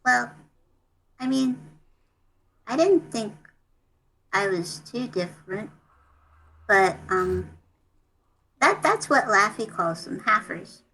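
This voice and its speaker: A woman voicing a shy young half-toon in a role-play, talking haltingly with many ums. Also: medium pitch, lively intonation, sharp tone, a little hiss or hum, exaggerated voice, low-quality recording.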